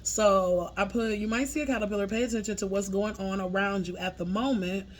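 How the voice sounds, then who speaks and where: A woman's voice: mid-range voice, fairly even intonation, brisk, slight background noise. Casual laughing woman medium reading messages. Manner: informal, frequent laughter, swears casually, talks through her notes. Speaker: spiritual medium sharing channeled messages.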